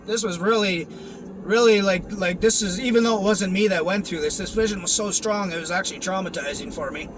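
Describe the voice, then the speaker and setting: A man's voice: high voice, brisk, slight background noise, poor audio. A young man giving a rambling, earnest personal testimony, with many restarts and fillers. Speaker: testimony vlogger.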